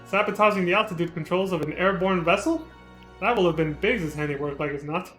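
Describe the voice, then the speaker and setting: A man voicing a gruff middle-aged male airship engineer, reading game dialogue aloud with earnest feeling. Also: high-pitched, brisk, a bit bright, echoey room, soft background music. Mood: wry.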